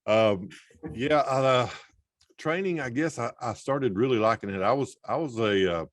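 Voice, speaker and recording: A man's voice: mid-range voice, unhurried, no room sound. A man answering as a podcast guest, speaking hesitantly and reflectively with many fillers. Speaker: podcast guest, sales trainer. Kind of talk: casual interview answer.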